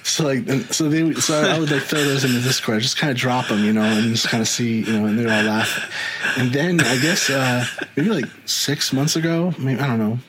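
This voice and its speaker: A man's voice: mid-range voice, steady tone, normal speed, a bit bright, a little hiss or hum, low-quality recording. A middle-aged man talking casually as a podcast guest, rambling with many ums and restarts. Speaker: guest, video editor.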